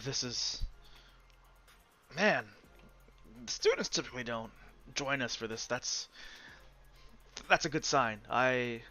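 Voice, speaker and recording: A man voicing a friendly older male doctor with a beastly build, speaking haltingly with many fillers. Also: mid-range voice, sharp tone. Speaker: teacher at the school. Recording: dull lo-fi recording.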